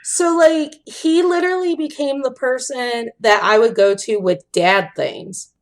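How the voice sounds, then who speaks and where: This young adult woman co-hosts a podcast and spins an animated story during casual chat, acting out quotes and laughing a lot. Her voice is high and unhurried.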